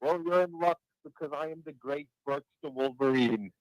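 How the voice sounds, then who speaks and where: Hesitant caller on a dry phone line. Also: male voice, a little high, normal speed, no room sound. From greater Chicago area. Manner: hesitant, many uhs. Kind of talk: casual call-in chat.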